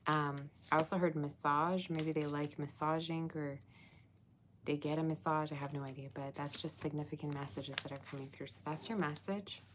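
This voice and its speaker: Low-voiced chatty woman reading tarot. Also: fairly even intonation, normal speed, noisy background. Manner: chatty, talks to viewers in a live chat. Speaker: tarot reader. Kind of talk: live-stream tarot reading.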